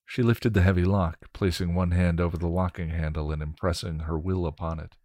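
Deep-voiced man reading a story. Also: flat delivery, fairly quick, a little mellow, dry recording. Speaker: story reader.

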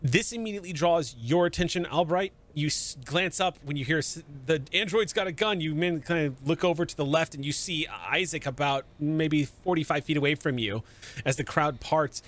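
A man narrating and running a tabletop game as game master, in calm, measured scene narration. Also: a little high.

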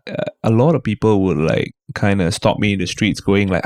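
Low gravelly Singaporean man. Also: fairly quick, no room sound, studio quality. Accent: Singaporean English. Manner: animated storyteller, slips into put-on voices. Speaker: guest comedian. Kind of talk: casual podcast chat.

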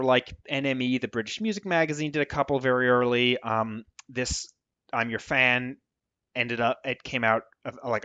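An American man, an author guest in a casual interview, talking in an animated, digressive way. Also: mid-range voice, no room sound, muffled recording.

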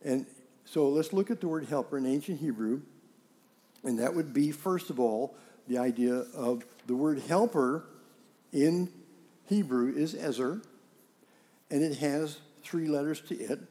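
A middle-aged man preaching a sermon, telling stories and acting out dialogue with animated emphasis. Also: on the high side, unhurried, long pauses. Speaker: pastor.

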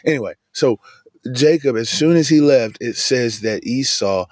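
A man hosting a casual devotional podcast from inside his van, talking in a relaxed, chatty way and often saying "man". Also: mid-range voice, normal speed, no echo, studio quality. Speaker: podcast host. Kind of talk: casual devotional bible talk. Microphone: video camera in a van.

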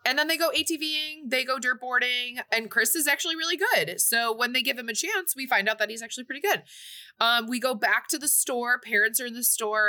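A woman with a bright, sharp voice recaps a movie plot for a podcast. She talks casually and with lots of energy, and she drops into playful voices for the characters. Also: a little high. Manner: animated storytelling with playful quoted voices. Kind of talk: casual chat.

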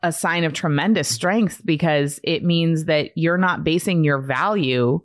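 A woman's voice: low voice, a little slow, dry recording, clean studio sound. Reflective woman podcast co-host. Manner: earnest, reflective, talks with many fillers. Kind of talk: casual podcast chat.

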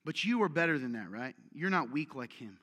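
A man delivers a lively sermon, energetic and direct, mixing pointed rhetorical questions with self-deprecating jokes. His voice sits a bit high and rings bright and forceful. The sound carries a long hall reverb, as in a large church. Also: a little fast. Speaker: pastor.

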